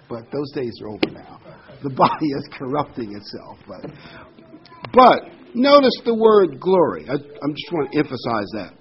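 An older man preaching a sermon, reading Bible verses slowly and with emphasis between plain explanations. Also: fairly high pitch, very animated. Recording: dull lo-fi with faint noise.

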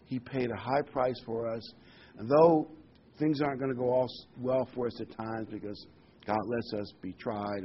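Man preaching, earnest, emphatic repeats, dull lo-fi sound, faint background noise. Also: medium pitch. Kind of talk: sermon.

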